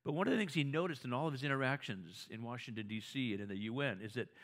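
A man's voice: mid-range voice, fast, fairly bright tone. A man preaching a conversational sermon, telling stories, often restarting his words and asking the audience whether they agree. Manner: storytelling, asks the audience for agreement; frequent restarts and repeated words.

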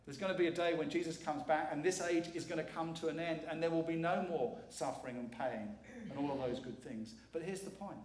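A middle-aged man delivers a sermon as a guest speaker in a church sanctuary, earnest and emphatic, repeating words to give them weight. His voice sits on the high side and moves briskly with few pauses. The hall around him is echoey.

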